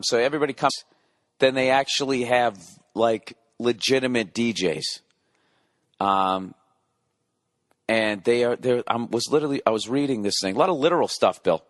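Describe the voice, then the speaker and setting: A man's voice: medium pitch, fairly bright tone, dry recording, studio quality. A middle-aged man hosting a solo podcast, rambling in a profane, sarcastic rant. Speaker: podcast host.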